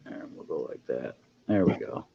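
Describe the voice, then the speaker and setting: A man's voice: extremely low pitch, animated, moderate pace, vocal fry. A man hosting a casual livestream chat, joking with viewers and laughing often. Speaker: host. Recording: dull lo-fi stream audio with faint noise.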